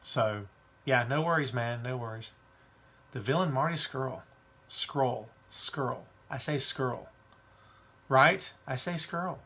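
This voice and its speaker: A man's voice: mid-range voice, measured pace, bright, forceful tone. A man hosting a wrestling podcast, talking casually and giving strong opinions while reading viewer questions. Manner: chatty, opinionated, reads live chat questions. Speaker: podcast host.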